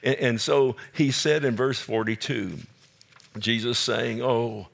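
A man preaching a sermon as a pastor, shifting from calm explanation to fervent, rising appeals and asking his listeners for an amen. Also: medium pitch, takes it slowly, gravelly. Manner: asks the congregation for responses like "Amen?".

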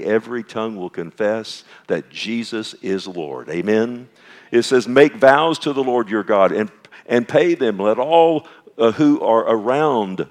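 A lower-pitched man delivering a sermon. He reads scripture loudly and with emphasis, then drops to soft, quiet asides. His pitch rises and falls widely. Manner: swings between loud emphatic scripture reading and soft hushed asides. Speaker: preacher.

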